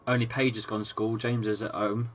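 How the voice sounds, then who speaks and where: A man's voice: on the low side, flat delivery, fairly quick. An English man in his thirties, sick and chesty, casually commentating a football match live and reading out viewer chat, swearing now and then. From England. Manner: chatty, swears, reads chat aloud between play calls. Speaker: football fan streamer.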